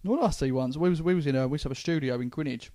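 A young London man tells rambling stories on a comedy podcast, stumbling over his words and restarting often. His voice sits fairly high but has a mellow, soft tone. The recording is close and dry. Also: very fast, no echo. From England. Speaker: podcast co-host. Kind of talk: casual comedy chat.

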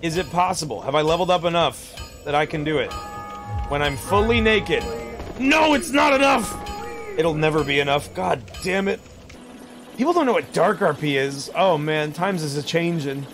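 A young man casually commentates his game stream, rambling, swearing freely, and yelping loudly in surprise at on-screen events. His voice is a little high at a moderate pace, with faint music in the background.

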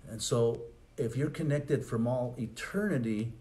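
A man's voice: mid-range voice, a little slow, dark tone. Male pastor, easygoing sermon delivery, chatty asides, mid-range voice. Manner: conversational teaching with rhetorical questions and asides.

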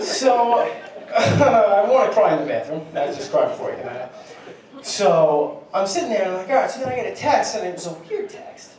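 A young man with a high-pitched, very animated voice does stand-up in a comedy club at normal speed, telling a crude, rambling, self-deprecating story. The recording is distant and very echoey, with a loud crowd.

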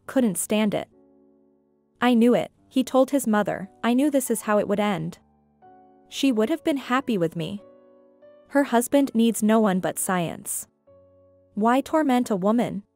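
A woman narrating a family story in a steady, even reading voice, doing all the parts herself. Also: fairly high pitch, no echo. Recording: dry close-mic voice over faint music.

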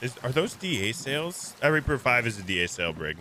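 A man's voice: mid-range voice, sing-song, quick pace, sharp tone, slight background noise. A man streaming a pirate game, joking and commenting with a friend in a playful way. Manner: playful, jokey pirate talk.

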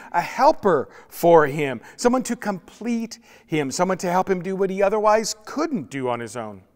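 A male pastor giving a sermon, telling the story with humor and acting out voices. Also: fairly high pitch. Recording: long reverb in a church hall.

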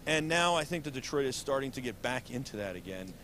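A man's voice: mid-range voice, animated, fast talker, bright, forceful tone, slight background noise. A man hosting an auto show interview, talking eagerly and animatedly and often repeating words. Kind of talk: enthusiastic interview. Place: busy convention hall booth.

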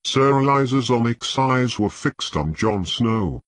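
A man reading an audiobook in measured, scripted narration with a husky voice. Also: medium pitch, animated, no echo, studio quality.

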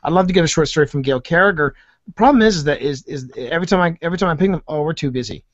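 A man's voice: on the high side, no echo. Guy on a podcast, mid voice, keeps restarting his sentences, dull dry sound. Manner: halting, repeats words while thinking. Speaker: podcast guest, author. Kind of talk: casual chat.

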